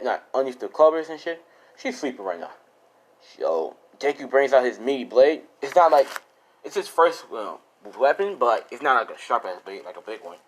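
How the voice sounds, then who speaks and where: A man's voice: mid-range voice, rough recording. A young man improvising a fan-fiction story in a loose, rambling, casual way with lots of fillers and swearing.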